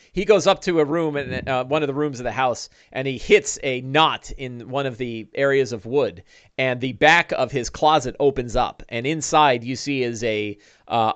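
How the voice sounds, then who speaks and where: A man narrating a tabletop game as game master, animated, with frequent fillers and restarts. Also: mid-range voice, clear, resonant tone, no echo.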